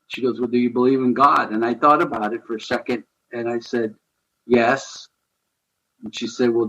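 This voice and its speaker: A man guests on a radio show and recounts his own story. He speaks earnestly and candidly at a middle pitch, running quickly through some stretches and dropping low for quiet asides. The recording is muffled and lo-fi. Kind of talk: personal storytelling.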